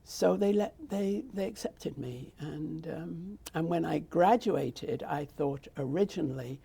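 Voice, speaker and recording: Gravelly, husky British woman. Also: sits low, measured pace, warm tone. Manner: rambling, with frequent restarts and asides. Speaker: interviewee, theatre founder. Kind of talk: casual conversational storytelling.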